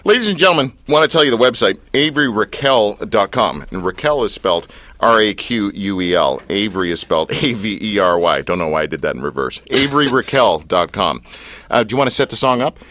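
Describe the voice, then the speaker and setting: A man's voice: on the low side, quick pace, no echo. A man hosting a radio show, teasing and joking with his guests. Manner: teasing, playful, lively. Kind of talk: jokey radio chat.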